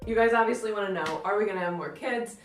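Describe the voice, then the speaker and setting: A bubbly young woman chats casually to her viewers, often dropping in "like". Her voice sits at a middle pitch. The room is echoey, and she is a little way from the mic. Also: fast talker, recorded from a distance, soft background music. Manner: bubbly, many "like" fillers. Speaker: vlog co-host. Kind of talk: casual chat. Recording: roomy sound from off-mic.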